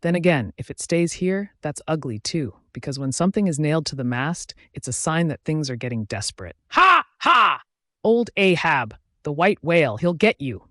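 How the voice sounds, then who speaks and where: A man's voice: fairly high pitch, lively intonation, moderate pace, few pauses, dry recording, clean studio sound, natural voice. A man voicing a wry, superstitious ship's mate in an audiobook, musing in chatty asides.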